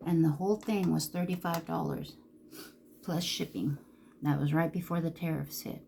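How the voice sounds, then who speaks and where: A woman's voice: low voice, fairly even intonation, normal speed, vocal fry, warm tone, a little hiss or hum. A middle-aged woman chatting casually through a get-ready-with-me makeup video, rambling along and cracking crude jokes. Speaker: makeup vlogger.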